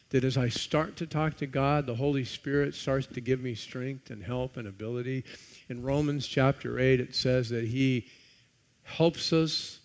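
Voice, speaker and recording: A man preaching a sermon, reading scripture aloud and swinging between loud emphasis and hushed, quiet passages. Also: fairly high pitch. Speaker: pastor.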